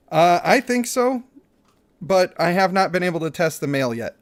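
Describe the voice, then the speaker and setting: A man hosting a live game stream, chatting with viewers and thanking supporters, quick to laugh. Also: high-pitched. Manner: excitable, laughs easily, thanks viewers by name. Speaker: streamer and gaming channel host.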